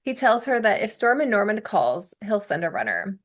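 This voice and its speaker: A young adult woman hosts a casual podcast and recaps a TV episode. She talks in a chatty way with giggly side comments, and her voice sits at an ordinary middle pitch. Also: big pitch swings, normal speed. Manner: chatty, giggly, narrates plot with asides. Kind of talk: casual chat.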